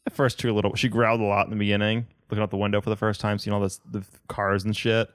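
A man's voice: lowish voice, flat delivery, racing, no room sound. A young man co-hosting a casual podcast, blunt and sarcastic, swearing often. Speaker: podcast co-host. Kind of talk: casual chat.

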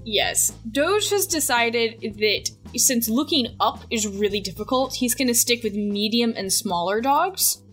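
Woman player, higher voice. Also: lively intonation, measured pace, hardly any pauses, fairly bright tone, husky, faint music behind. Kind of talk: describing her character's actions.

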